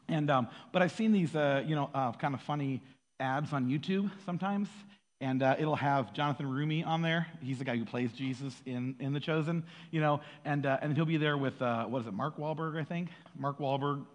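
A man giving a casual, animated sermon, acting out quoted voices and laughing often. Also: fairly high pitch, brisk, in a large hall. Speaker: pastor.

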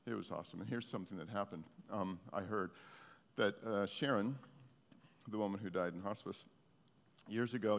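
A man's voice: lowish voice, creaky. A man preaching a sermon, telling stories in an earnest, heartfelt way. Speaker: pastor. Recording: long reverb of a hall.

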